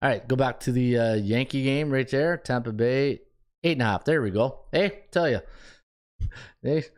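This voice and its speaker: A man's voice: mid-range voice, moderate pace. A man with a Canadian accent hosting a sports betting podcast, chatting casually, thinking aloud and joking with himself as he works through the numbers.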